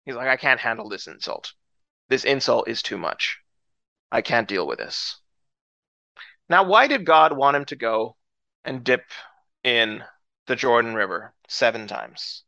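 A man teaching through a Bible story, retelling it in lively, dramatized fashion and acting out the characters' words. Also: no echo, lo-fi sound. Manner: animated storytelling, acts out characters with rising pitch.

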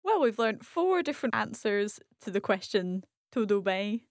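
A woman's voice: medium pitch, very animated, moderate pace, no room sound, clean studio sound. A woman as the learner co-host on a language lesson podcast, curious and chatty, asking questions and repeating new words.

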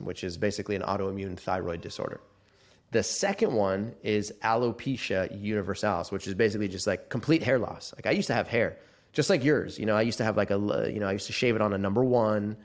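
A man in his forties with a lowish voice tells a long personal story as an interview guest. He is animated and slips into the voices of the people he quotes. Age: 40s.

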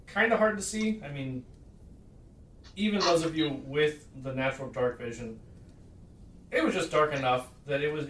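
A man narrating a tabletop role-playing game as game master, rambling loosely and laughing often. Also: a little high. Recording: roomy, distant mic, faint noise.

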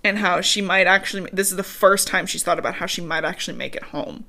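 A young woman talks through a book's plot in loose, casual podcast chat. She swears often and slips into characters' voices with sudden pitch jumps, breaking into laughs along the way. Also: fast talker, gravelly, pushed and bright. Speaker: podcast co-host. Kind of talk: casual book recap chat.

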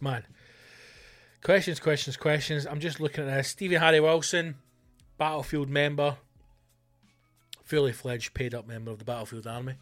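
A man with a Scottish accent hosting a comedy podcast, ranting loudly and swearing a lot. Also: mid-range voice. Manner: loud, sweary, animated ranting.

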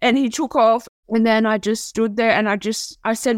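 A woman giving a raw, halting personal account, often restarting and repeating herself. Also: on the high side, steady tone, no echo. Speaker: interviewee telling her story. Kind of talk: personal testimony.

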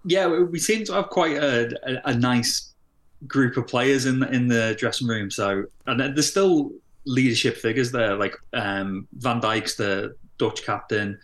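A man's voice: medium pitch, a little slow, a bit bright. Easygoing man in football chat. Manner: hesitant, restarts words, easygoing. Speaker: podcast co-host.

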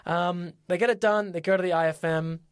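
A podcast co-host, chatting casually and telling stories in an animated way, with plenty of fillers. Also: medium pitch, fairly quick, clean tone, no room sound, studio quality. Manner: animated storyteller, lots of fillers and quoted voices. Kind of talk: casual chat.

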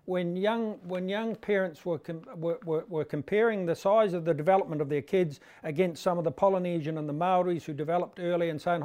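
A man's voice: sits high, a little fast, hardly any pauses, a little mellow. A man in a casual rugby discussion, telling an anecdote in a rambling, storytelling way with many restarts. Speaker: rugby pundit.

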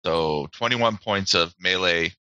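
A man with a low but very bright voice thinks aloud while playing a tabletop game. His sound is dry, dull and lo-fi. He works step by step through sums of damage. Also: slow pace, clear, resonant tone, no room sound. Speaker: player.

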